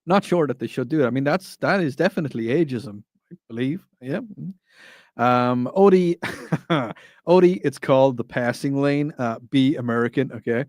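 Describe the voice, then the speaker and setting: A man fills in as a talk radio host, joking his way through listener texts. He speaks at a middling pitch and sounds close and dry on a studio microphone, with an easy, rambling delivery. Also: moderate pace, darkish tone, no echo. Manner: jokey, laughs easily, loose and rambling.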